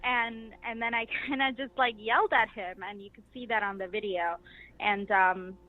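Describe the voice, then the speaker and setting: A woman's voice: mid-range voice, steady tone, moderate pace. Woman telling her story over a tinny line. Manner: chatty storytelling with many fillers. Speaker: interview guest, activist delegate. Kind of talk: casual recounting. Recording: tinny phone-line sound.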